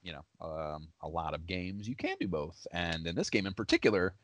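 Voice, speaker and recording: A man co-hosting a casual gaming podcast, talking in an animated, profane way and laughing often. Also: deep voice, brisk. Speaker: podcast co-host.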